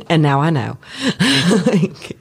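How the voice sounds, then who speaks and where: Animated, profane woman telling stories. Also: low voice, very slow, vocal fry, slightly rough. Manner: animated storyteller, profane, acts out voices, laughs often. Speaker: former labor and delivery nurse. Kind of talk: casual chat.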